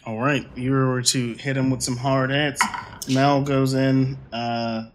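A man narrating a tabletop game as game master, relaxed and full of ums and uhs. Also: medium pitch, slow pace, slight background noise.

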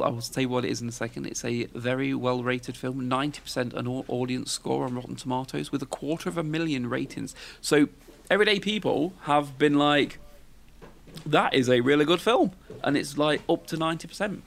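Gravelly man, chatty podcast host. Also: medium pitch, brisk. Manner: rambling, chatty, lots of fillers and tag questions. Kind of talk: casual chat.

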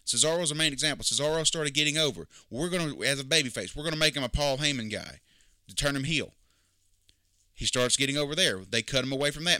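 A man's voice: medium pitch, pushed and bright, no echo, clean studio sound. A man giving opinionated, emphatic casual commentary, critical and repeating his points. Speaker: wrestling commentator.

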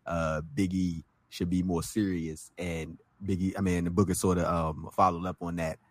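A man hosting a casual podcast chat, talking in halting bursts with many restarts and reading excerpts aloud. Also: sits low, little pitch movement, no room sound. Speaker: podcast host.

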